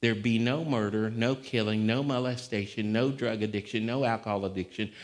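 A male pastor preaching a sermon, swinging between conversational talk and sudden shouts. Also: fairly low pitch, fairly even intonation, fairly quick. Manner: fiery, shouting bursts between conversational stretches. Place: church. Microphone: live-streamed service mic.

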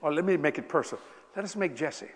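A man's voice: fairly high pitch, expressive, fast talker. A man in his seventies preaching a sermon, talking casually with the congregation and telling joking stories. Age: 70s. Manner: conversational, joking storytelling with congregation. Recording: long hall reverb.

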